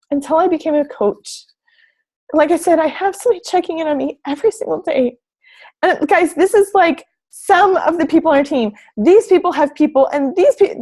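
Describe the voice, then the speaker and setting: A woman's voice: high-pitched, darkish tone. A young woman coaching fitness, giving a bubbly, gushing presentation over slides, full of "like" and "oh my gosh".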